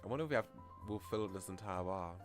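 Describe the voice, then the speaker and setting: A male streamer talks his way through a story game in a chatty, excitable manner. His voice sits a little low, and soft game music runs in the background. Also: very fast. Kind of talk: casual game commentary.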